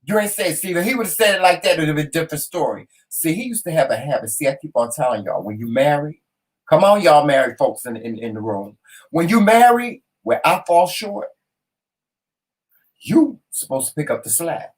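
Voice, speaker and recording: A man's voice: a little high, a little fast, far from the mic. A man, co-hosting a casual talk show and telling a story dramatically, cursing freely. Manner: dramatic, animated storyteller who curses freely. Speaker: co-host.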